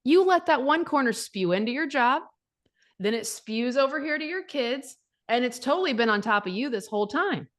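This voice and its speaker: A woman's voice: high voice, expressive, moderate pace. A woman in her forties, a divorce coach, talking bluntly and emphatically, swearing freely in casual chat.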